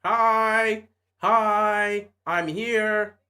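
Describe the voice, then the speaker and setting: A man's voice: high voice, fairly even intonation, very slow, bright, forceful tone, clear, resonant tone. A man reacting live to a football game, trash-talking rivals with rhetorical questions and slipping into mock play-by-play calls. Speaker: sports fan watching a game live.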